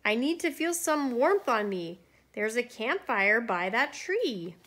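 A woman's voice: on the high side, very animated, slow pace, a bit bright, full character voice. A woman voicing a cheerful male snowman who sneezes and shivers, reading a rhyming children's storybook. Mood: shivering. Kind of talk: children's picture book read aloud.

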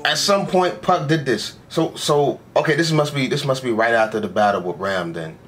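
A young man reacts to an anime episode with casual, slang-heavy commentary, talking back at the screen and saying "bro" constantly. His voice is mid-range and fairly bright, his pace moderate, and there's a little hiss or hum.

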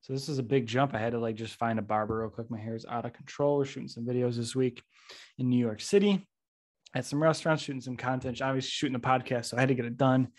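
Guy hosting a podcast, laid back and jokey, regular pitch. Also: fast talker. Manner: chatty, joking. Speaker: podcast host. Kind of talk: casual podcast intro.

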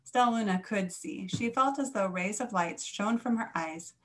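A woman reading a children's picture book aloud, with clear, expressive storytelling. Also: mid-range voice, moderate pace.

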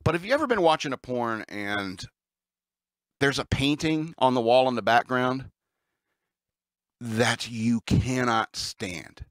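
A man hosting a comedic talk-radio show, telling a rambling, incredulous story with animated asides. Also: medium pitch, takes it slowly, long pauses, dry recording.

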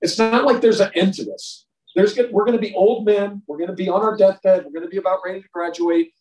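Man with a higher voice teaching a men's group. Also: fairly even intonation, fast, a little mellow, distant mic. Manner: blunt, joking, repeats key words for emphasis. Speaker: men's Bible study leader. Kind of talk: informal faith lesson to a men's group. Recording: roomy sound, speaker away from the mic.

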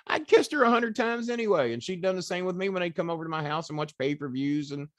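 A man's voice: high-pitched, animated, fast talker, no room sound, studio quality. An older man, a podcast guest, animatedly retelling a story in casual chat, swearing freely and acting out the quoted voices.

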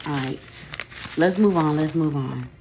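Woman with a lowish voice gossiping about online drama, says okay a lot, laid back. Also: measured pace, dark tone, a little hiss or hum. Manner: chatty, laughing, repeats "okay?" and "y'all". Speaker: commentary host. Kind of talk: casual commentary on social media drama.

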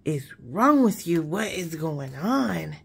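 A woman's voice: sits low, very animated, takes it slowly, vocal fry, breathy edge, full character voice. A woman voicing her worried, exasperated mother as she retells a family story. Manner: incredulous scolding.

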